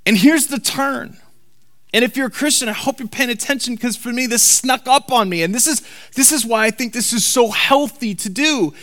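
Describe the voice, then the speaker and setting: A man preaching a sermon to a congregation. He talks emphatically and repeats key lines slowly for weight. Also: very high-pitched, fairly bright tone. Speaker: pastor. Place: church hall before a congregation.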